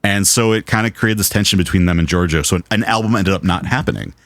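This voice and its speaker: A man co-hosting a podcast, telling anecdotes in an animated, casual way with some swearing. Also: sits low, fast, no room sound. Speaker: podcast co-host. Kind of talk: casual film chat.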